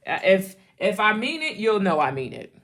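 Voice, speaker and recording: A woman's voice: mid-range voice, very animated, moderate pace, background noise. A woman giving a casual, chatty tarot reading, repeating phrases and laughing often. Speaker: tarot reader.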